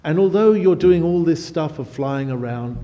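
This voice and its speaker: A content little fish in a pond, as a preacher voices it, answering in a calm, matter-of-fact way. His voice is slightly high, and each phrase rings on in a long hall reverb. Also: normal speed, lo-fi sound, lightly acted.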